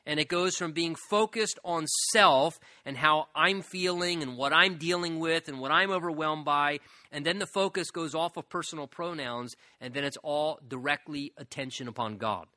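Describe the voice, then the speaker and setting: A man's voice: fairly high pitch, moderate pace, few pauses, sharp tone, no room sound, clean studio sound. A pastor preaching an earnest sermon, his delivery building to fervent emphasis.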